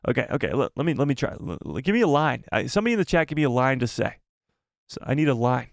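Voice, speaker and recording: A man hosting a casual live stream, excitable, swearing and reading the chat aloud. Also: mid-range voice, fast talker, creaky, dry recording, clean studio sound.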